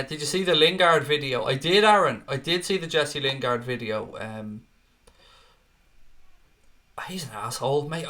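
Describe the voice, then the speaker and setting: A young man hosting a casual live stream with a bright, forceful voice. He chats loosely and swears often. He reads viewer comments aloud in an offhand way. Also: mid-range voice. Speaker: host.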